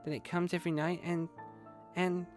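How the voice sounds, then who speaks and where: A man voicing a scared little girl, a chattering younger sister, in a high, pleading, childlike voice while reading a game aloud. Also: flat delivery, normal speed, faint music behind, close to an everyday voice. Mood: frightened.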